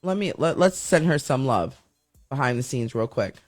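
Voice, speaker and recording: A man's voice: medium pitch, lively intonation, normal speed, no echo, clean studio sound, faint music behind. A man hosting a live radio-style show, chatting casually and rambling while reading the viewer chat aloud.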